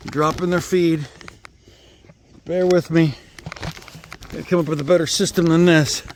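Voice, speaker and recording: A man's voice: fairly high pitch, steady tone, a little slow, darkish tone, slight background noise. A man doing a casual vlog while feeding his goats outdoors, talking to the camera in chatty asides and cooing at the animals in a sing-song. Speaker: homesteader. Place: outdoors at a goat pen.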